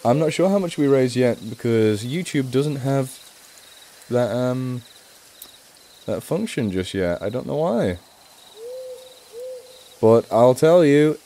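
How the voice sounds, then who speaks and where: Chatty English man, lively pitch. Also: slight background noise. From England. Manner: chatty and rambling, self-mocking, laughs often. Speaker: charity live streamer. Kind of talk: casual live stream chat.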